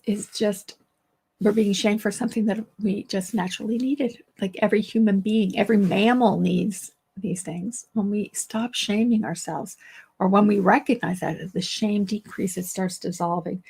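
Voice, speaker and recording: A woman therapist giving a casual solo talk, reassuring and thinking aloud, hoarse because she is losing her voice. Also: mid-range voice, steady tone, normal speed. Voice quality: gravelly, husky. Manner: warm-hearted, reassuring, thinks aloud with restarts. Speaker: therapist and teacher.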